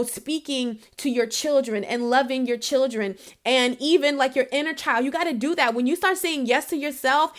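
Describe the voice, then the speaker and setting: High-voiced woman giving a chatty spiritual reading. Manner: chatty and emphatic, laughs often; encouraging, addresses the listener directly. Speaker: intuitive reader. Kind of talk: casual spiritual reading to camera.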